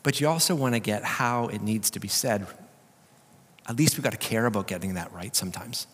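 A man pastor giving a sermon, swinging between loud, urgent preaching and quiet emphasis. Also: on the low side, brisk, slightly rough. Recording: long hall reverb.

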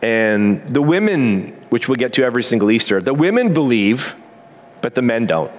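A man preaching a sermon as pastor, earnest and emphatic, with quick asides and slow pauses. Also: mid-range voice, sing-song.

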